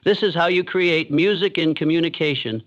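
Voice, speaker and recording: Reading a motivational script, this man narrates with deliberate, measured pacing and pauses that let every point land. The tone is fairly bright, his pitch runs a little high for a male voice, and the audio quality is dull and lo-fi.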